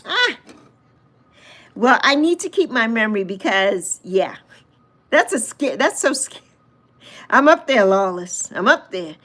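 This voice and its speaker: A woman's voice: a little high, big pitch swings, measured pace, pauses often, fairly bright tone. A woman in her sixties hosting a casual livestream, chatting fondly and answering viewer comments as she goes. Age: 60s. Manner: fond, reminiscing. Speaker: livestream host.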